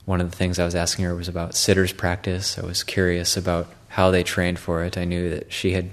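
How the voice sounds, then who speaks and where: A man speaks as a Buddhist monk offering a Dharma talk. His voice sits low and stays fairly even, with little rise or fall. He halts often and repeats words as he feels for each thought. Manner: halting, repeats words, many fillers.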